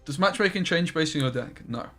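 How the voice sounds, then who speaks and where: A young man streaming a card game, chatting loosely with his viewers as he plays. His voice is bright and forceful, with faint music underneath. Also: on the high side, expressive, a little fast. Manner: casual, chatty, reads chat aloud. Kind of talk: live-stream commentary while playing.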